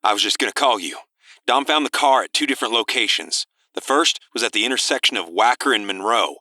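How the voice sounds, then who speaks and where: A man voicing a male FBI agent who reports in a brisk, businesslike way. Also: mid-range voice, lively intonation, pushed and bright, no room sound, voice pushed up.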